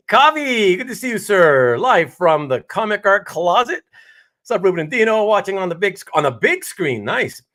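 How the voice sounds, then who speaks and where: A man's voice: fairly high pitch, a bit bright. A man hosting a casual live stream who chats with viewers, reads their names aloud and laughs often. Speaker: host of a live comic art stream.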